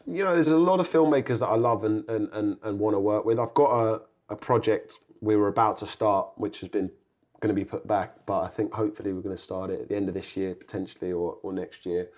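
A young man, an actor, chatting as a guest in a relaxed, rambling way that circles back on itself. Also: lowish voice, fast. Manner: laid-back, rambling, self-correcting. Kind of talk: casual interview chat.

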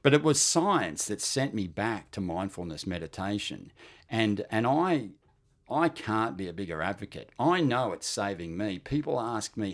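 An earnest Australian man in his fifties telling his own story as a cancer patient. He speaks candidly in a halting way, with many restarts. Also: mid-range voice, lively intonation. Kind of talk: personal testimony talk.

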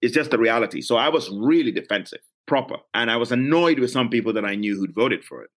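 A man's voice: mid-range voice, animated, fast. A man from Gambia, an actor, speaking candidly and reflectively as an interview guest in a blunt, earnest way.

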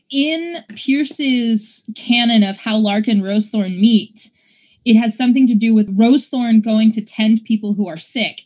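A woman in a casual book discussion, explaining things in a measured way. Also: mid-range voice. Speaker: book club member. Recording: dull lo-fi recording.

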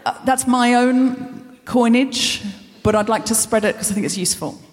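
Before an audience in a big concert hall, a woman hosting a live comedy show gives a self-mocking stand-up monologue full of wandering asides. Her voice is on the high side and her pace moderate.

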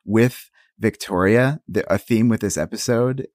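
Man, podcast co-host, casual recap chat, halting and hesitant, deep voice. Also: a little mellow, no echo, studio quality. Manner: hesitant, many restarts and fillers.

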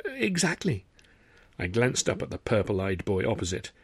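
Man reading his own story, wry and chatty, lowish voice, dry close mic. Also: brisk, slightly rough, no echo. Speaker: author-narrator. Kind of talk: scripted audiobook narration.

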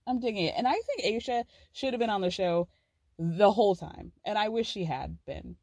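A woman hosting a podcast, recapping reality TV in a chatty, giggly, animated way. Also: medium pitch, normal speed, no echo. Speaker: podcast host.

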